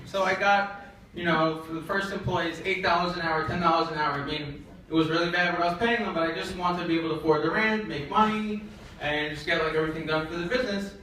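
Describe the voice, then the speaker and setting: High-voiced man doing rambling stand-up. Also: steady tone, bright, forceful tone, a little hiss or hum. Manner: rambling, halting storytelling with many fillers. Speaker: stand-up comedian. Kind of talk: stand-up comedy set. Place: comedy event in a shared office space. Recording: echoey room from far off, audience laughter. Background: audience laughing.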